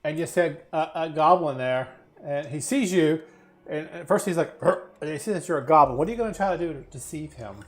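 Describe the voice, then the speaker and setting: A man's voice: fairly high pitch, fairly quick. A man narrating and describing scenes as game master of a tabletop game. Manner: descriptive, conversational.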